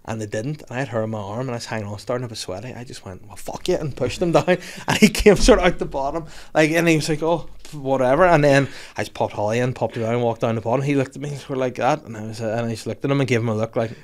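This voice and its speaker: A Scottish man hosting a podcast, telling sweary, animated stories in casual chat. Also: medium pitch, very fast, few pauses. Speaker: podcast host.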